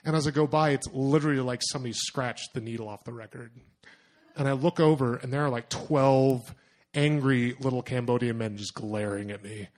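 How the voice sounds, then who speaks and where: Animated man telling a travel story. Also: medium pitch, fairly quick. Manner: animated, self-mocking, lots of fillers and acted-out inner voices. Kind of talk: personal story told to an audience.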